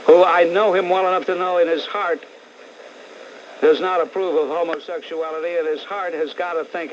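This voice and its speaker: Speaking at normal speed in a slightly high voice, a middle-aged New York talk radio host takes calls and rants bluntly and sarcastically at callers and listeners. There's a little hiss or hum on the muffled old AM tape.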